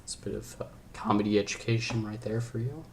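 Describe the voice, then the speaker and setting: A man's voice: on the low side, fairly even intonation, quick pace, darkish tone, a little hiss or hum. A young man hosting a podcast in casual chat, rambling and joking, often cutting himself off mid-sentence. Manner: rambling, jokey, self-interrupting. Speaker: podcast host.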